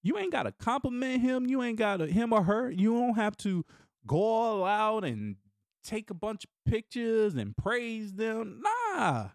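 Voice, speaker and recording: A middle-aged man talks casually on his own podcast in a fairly high, very lively voice that swings from low murmurs to excited bursts. He laughs often and keeps things loose and animated. The recording is close and completely dry, with no room sound. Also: a little slow, dry recording. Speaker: podcast host. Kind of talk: casual solo podcast talk.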